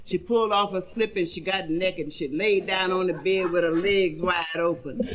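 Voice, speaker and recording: A woman's voice: mid-range voice, normal speed. A woman stand-up comedian telling raunchy jokes, drawling through the stories and squealing when she acts out the characters, on a 1970s comedy record. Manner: bawdy, drawling storyteller with squealing acted voices.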